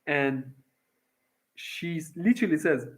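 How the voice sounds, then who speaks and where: A man's voice: fairly high pitch, expressive, unhurried, poor audio. A young man from Iran telling a long personal story in a casual, profane, rambling way, with lots of fillers. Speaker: vlogger.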